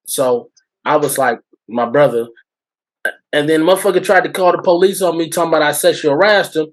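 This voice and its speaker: A blunt man ranting on a podcast, swearing constantly. His voice sits slightly high for a man, and he storytells with exasperation. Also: fast talker. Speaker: podcast co-host. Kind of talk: casual chat.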